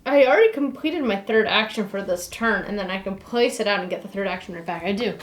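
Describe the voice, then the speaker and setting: A woman's voice: mid-range voice, animated, quick pace, a little hiss or hum. Woman explaining her board game turn. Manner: explains rules while counting out moves. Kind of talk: casual tabletop gameplay talk. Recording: roomy echoey room.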